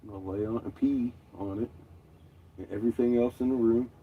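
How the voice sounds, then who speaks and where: A man's voice: medium pitch, steady tone, a little fast, narrow, tinny audio, a little hiss or hum. A man chatting casually in a vlog, laughing often and swearing freely. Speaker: vlogger. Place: out and about, doing laundry.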